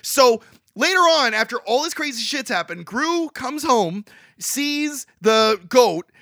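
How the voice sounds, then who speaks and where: Man, podcast co-host, swearing movie rant, lively pitch swings, bright tone, dry close sound. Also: no echo. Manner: exasperated, swearing rant with quick voiced impressions. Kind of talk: casual movie review chat.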